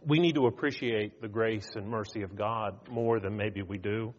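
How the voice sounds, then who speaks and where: A man preaching a sermon in an earnest, pleading way, asking his listeners questions and slowing down to stress his points. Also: on the low side, fairly even intonation, long reverb tail, muffled recording. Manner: earnest, pleading, rhetorical questions, slows for emphasis.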